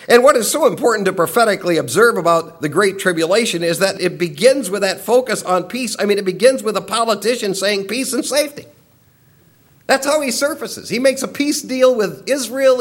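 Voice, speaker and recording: A man preaching a sermon, emphatic and repeating key phrases for weight, now and then dropping low and quiet.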